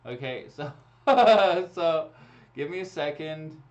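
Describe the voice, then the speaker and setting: Speaking a little slowly in a mid-range voice, a raffle host runs live draws into a computer mic, chatting casually and laughing as he talks through each one. The livestream audio is dull and lo-fi.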